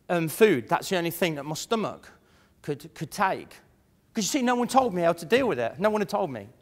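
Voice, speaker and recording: A man giving a lively motivational seminar talk to an audience, chatty and full of mimicked voices. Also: high-pitched. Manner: animated, conversational, mimics imagined voices. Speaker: motivational speaker. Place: large room before an audience. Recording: echoey hall.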